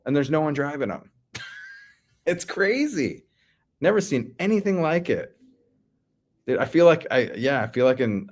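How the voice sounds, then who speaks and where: A man from the Midwest hosting a casual livestream, reading out chat comments and answering in a laid-back, slangy way. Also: mid-range voice.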